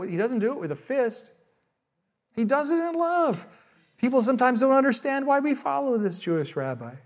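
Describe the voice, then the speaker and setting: Male pastor, high and very lively voice, animated storyteller who acts out every exchange, then prays. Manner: animated, acts out dialogue with big pitch jumps. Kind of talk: sermon storytelling and prayer.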